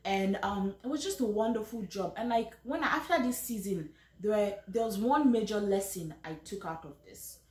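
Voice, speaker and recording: A woman's voice: medium pitch, moderate pace, few pauses, darkish tone. A young woman with a Nigerian accent telling a personal story in a chatty, earnest way, often repeating and restarting phrases. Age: young adult. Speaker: vlogger. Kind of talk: personal storytelling with faith reflection. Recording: echoey room with faint ambience.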